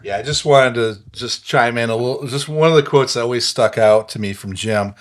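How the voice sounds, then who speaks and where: A man hosting a business podcast, telling stories in a relaxed way with plenty of fillers. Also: medium pitch, a little fast. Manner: relaxed storytelling, many fillers. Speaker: podcast host. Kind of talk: casual podcast conversation.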